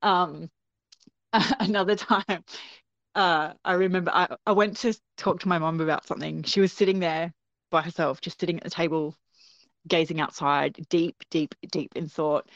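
A woman telling a personal story in a casual, animated way, acting out the voices she quotes. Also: on the low side, normal speed, dry recording. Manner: animated, acts out quoted voices, laughs often. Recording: dull, dry lo-fi recording.

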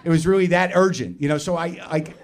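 A man's voice: a little high, fast. Rambling, self-mocking male stand-up host. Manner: self-deprecating, profane, meandering with restarts. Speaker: podcast host doing stand-up. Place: live comedy theater stage.

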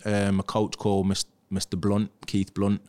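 Very deep-voiced man telling stories. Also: normal speed, clean tone. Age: 30s. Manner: animated anecdotes, acting out what others said. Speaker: podcast guest, former footballer. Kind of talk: casual storytelling.

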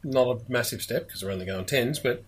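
A man's voice: mid-range voice, a little fast, slightly rough. A man co-hosting a beer podcast, chatty and joking in casual conversation. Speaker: podcast co-host. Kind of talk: casual beer-tasting chat.

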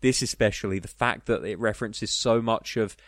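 A man's voice: on the low side, fairly even intonation, brisk, dry recording, clean studio sound. A man co-hosting a casual film podcast, rambling with many fillers and laughing at the jokes. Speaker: podcast co-host.

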